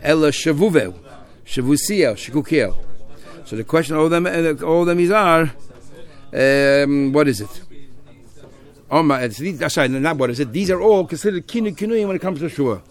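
A man's voice: fairly high pitch, lively intonation, moderate pace. Man teaching a Talmud class. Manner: explains in a Yeshivish mix of Hebrew and Aramaic terms with English, with many restarts.

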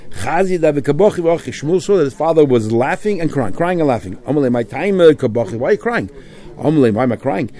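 Fast-talking man teaching a Talmud class. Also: a little high, expressive, mellow. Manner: reads a phrase aloud, then explains it in English. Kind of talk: Talmud class, reading Aramaic and translating.

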